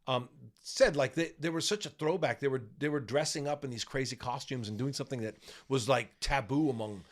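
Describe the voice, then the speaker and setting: A man co-hosting a casual music podcast, talking in a rambling, animated way with many restarts. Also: medium pitch, fairly quick. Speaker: podcast co-host.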